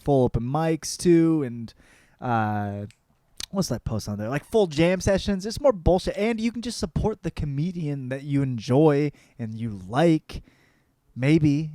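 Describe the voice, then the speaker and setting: Profane rambling comedian with a dry sound. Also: male voice, fairly high pitch, expressive, moderate pace, no room sound. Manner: profane, rambling, jumps between mumbled asides and loud rants. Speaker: comedian and podcast host.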